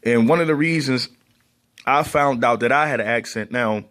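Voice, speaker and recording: A man's voice: medium pitch, moderate pace, fairly bright tone. A man from Baltimore with a heavy Baltimore accent, talking casually to camera with plenty of ums and restarts. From Baltimore, USA. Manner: conversational, many ums and repeated words. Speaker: vlogger.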